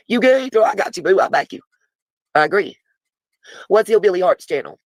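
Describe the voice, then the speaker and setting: A woman's voice: mid-range voice, animated, a little fast, pauses often, darkish tone, no echo, poor audio. Blunt, swearing woman streamer. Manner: chatty, talks back to viewers in chat. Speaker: live stream host. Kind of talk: casual live stream, reading text messages aloud.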